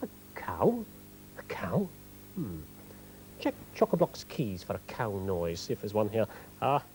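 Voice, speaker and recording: A children's television presenter talking slowly and coaxingly to young viewers, making animal noises in a sing-song manner. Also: medium pitch, wildly swooping pitch, a little mellow, faint music behind, low-quality recording.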